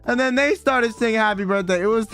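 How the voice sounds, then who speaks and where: A young man streaming, telling a funny story in casual chat, excitable and swearing a lot as he acts out what people said. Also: high-pitched, soft background music. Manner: excitable, swears a lot, quick quoted voices.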